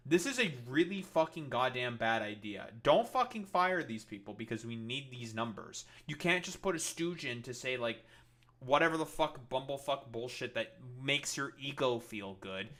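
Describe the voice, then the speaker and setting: Guy ranting on stream, bright sharp voice, swears a lot, fed up. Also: a little high. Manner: heated, sweary, exasperated. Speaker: streamer commentator. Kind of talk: profane political rant.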